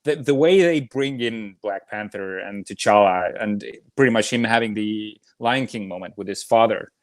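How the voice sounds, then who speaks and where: A man co-hosting a podcast, talking about films in a relaxed, agreeable way. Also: fairly low pitch, moderate pace, no room sound. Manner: laid-back, agreeable, many short backchannels. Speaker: podcast co-host. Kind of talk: casual movie discussion.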